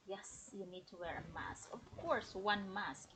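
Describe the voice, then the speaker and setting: A woman teaching an English grammar lesson on a livestream, explaining slowly and checking in with the viewers. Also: medium pitch, a bit bright, slight background noise, rough recording. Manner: slow, explanatory, checks in with "okay?".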